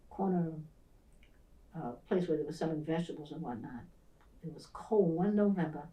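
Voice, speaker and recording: Older woman telling a story, lively delivery. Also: low-pitched. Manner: animated storyteller who acts out the voices of people in her story. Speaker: pastor. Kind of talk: storytelling interview. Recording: roomy, distant mic.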